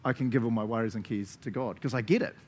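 A man with a New Zealand accent preaching a sermon as pastor, animated, laughing often and checking in with listeners with frequent "right?". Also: mid-range voice, fast talker, slight background noise.

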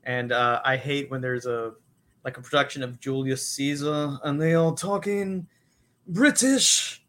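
A man's voice: mid-range voice, fairly even intonation, moderate pace, a bit bright. A man co-hosting a horror podcast in casual comedic chat, dry and teasing, slipping into silly voices. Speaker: podcast co-host.

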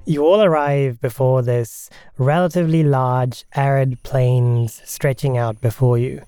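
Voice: mid-range voice, steady tone, a little slow, warm tone, clear, resonant tone, no room sound, clean studio sound. A podcast game master narrating a tabletop adventure in a casual, descriptive way.

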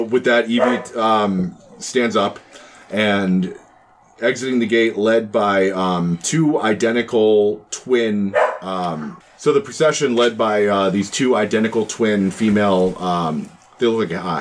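A very low-voiced man runs a tabletop game as game master. He narrates loosely, stopping and restarting often, over a faint background hiss. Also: unhurried. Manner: rambling narration, many ums and restarts.

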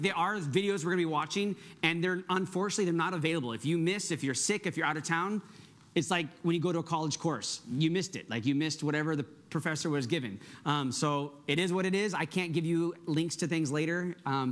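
A middle-aged man preaching a sermon as pastor, energetic and conversational, often checking in with the congregation. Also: a little high, quick pace.

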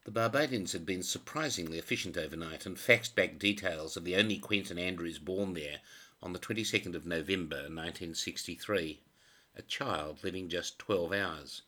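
Man, crime novel narration, very low voice, sharp bright tone, dry and sardonic. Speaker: audiobook narrator.

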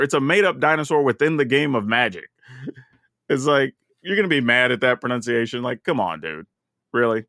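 Here the same Southern podcast co-host spins a story in a loose, chatty way, his pitch rising and falling widely and laughter breaking into his thoughts. His tone is fairly bright, and the audio sounds close and dry without any echo.

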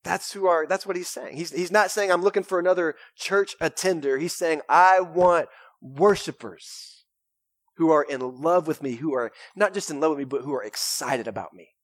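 A young man, preaching a sermon in a casual, energetic way with lots of "right?" and "man". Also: on the high side, brisk, hardly any pauses, no echo, clean studio sound. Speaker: pastor. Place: church sanctuary.

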